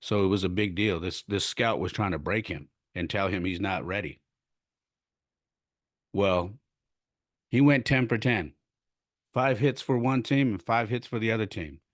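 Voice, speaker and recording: A middle-aged man hosting a podcast, earnestly retelling a story with lively restarts and self-corrections. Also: on the low side, measured pace, long pauses, no room sound, studio quality. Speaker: podcast host. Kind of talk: casual storytelling monologue.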